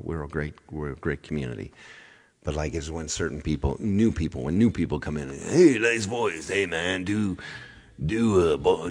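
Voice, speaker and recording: Male livestream host, deep and husky voice, chatty and repetitive, echoey room sound. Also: a little mellow. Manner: chatty, rambling, repeats himself. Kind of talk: casual chat with viewers.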